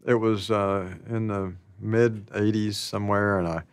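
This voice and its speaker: A man in his sixties with a low voice, recounting stories from his life in a relaxed, rambling, self-deprecating way. He often drops "you know" asides. The sound is dry and close, with no room around it. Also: unhurried, smooth, no room sound. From American South. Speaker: actor telling his story. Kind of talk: reflective storytelling.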